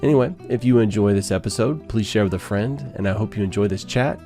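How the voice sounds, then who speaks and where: Chatty low-voiced male podcast host. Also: fast, warm tone, faint music behind. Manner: chatty, laughs easily, rambling asides. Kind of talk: casual interview chat.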